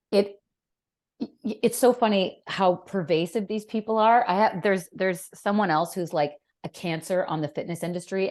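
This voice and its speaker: A woman in her fifties, a fitness professional, talking animatedly and bluntly as a podcast guest. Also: lowish voice. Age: 50s. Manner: animated, emphatic, blunt with swearing. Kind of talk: casual interview chat.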